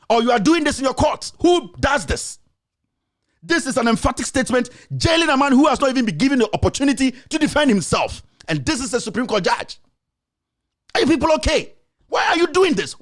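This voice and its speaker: Fiery high-pitched Ghanaian man ranting. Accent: Ghanaian English. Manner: fiery, confrontational, repeats rhetorical questions. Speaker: host. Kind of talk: impassioned political commentary.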